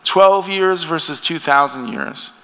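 A man's voice: fairly high pitch, unhurried, a bit bright. A man from the United States preaching a sermon in an earnest, conversational way, with frequent restarts. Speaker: pastor. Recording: long hall reverb.

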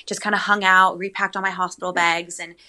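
A woman's voice: on the low side, a little fast. A young adult woman telling her birth story in a casual chat, full of "like" and "um". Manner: chatty, animated storytelling with many "like"s and "um"s.

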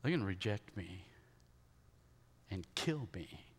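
A man voicing a stern adult male teacher in a sermon retelling, sinking to a low, hushed near-whisper at the sharpest words, in a hall with a long reverb. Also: animated, slow, husky, full character voice. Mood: solemn.

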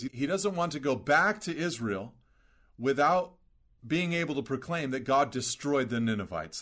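A man preaching a sermon as pastor, explaining scripture in an earnest, emphatic teaching manner with rhetorical questions. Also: on the high side.

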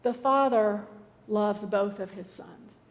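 A woman's voice: medium pitch, slow. Woman preaching in a reverberant hall. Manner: earnest, pleading storytelling. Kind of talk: sermon.

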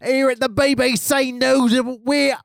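A man's voice: very high voice, fairly even intonation, unhurried, gravelly, a bit bright, dry recording, raised voice, studio quality, pitched above the performer's own voice, exaggerated voice. A man doing a blaring English newsreader. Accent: put-on English. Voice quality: harsh buzzsaw tone. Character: shouting British male newsreader, grating and pompous.

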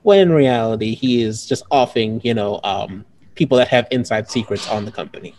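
A man's voice: mid-range voice, fairly quick, a little mellow, a little hiss or hum. A man casually reviewing movies as a podcast co-host, rambling and laughing often.

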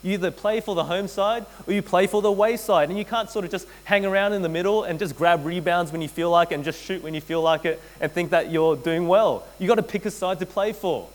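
A man preaching a sermon, earnest and direct, addressing his listeners as friends and repeating key phrases, often dropping to a hushed intensity. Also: sits high, brisk, few pauses, poor audio. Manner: addresses listeners as friends, frequent tag questions. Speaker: pastor.

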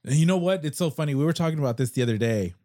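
A man hosting a podcast, chatting casually and telling halting, rambling stories. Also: a little high, lively intonation, mellow, no echo. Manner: rambling, halting storyteller with restarts. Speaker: podcast host. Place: Seattle.

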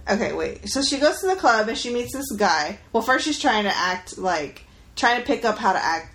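A woman's voice: fairly high pitch, sing-song, normal speed, a bit bright. Curious, chatty American woman. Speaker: podcast co-host. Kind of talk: casual movie-discussion chat.

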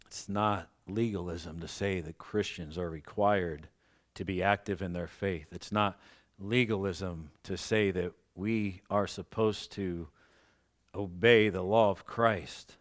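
A man preaching a sermon as pastor, slowing down and swelling loud on key points, with self-mocking asides and light laughs. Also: low voice, fairly even intonation. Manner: slows down for emphasis and rises loudly on key points.

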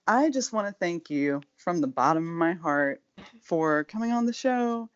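A woman's voice: lowish voice, animated, slow pace, dry recording. Chatty woman podcast host, dull dry sound. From Florida, US. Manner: chatty, effusive, lots of "like" and "you know". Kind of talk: casual chat.

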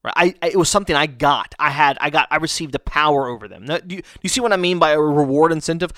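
Halting male preacher, dry close sound. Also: fairly high pitch, sharp tone, no room sound. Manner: halting, frequent restarts, rhetorical "right?". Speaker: pastor. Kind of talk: conversational sermon.

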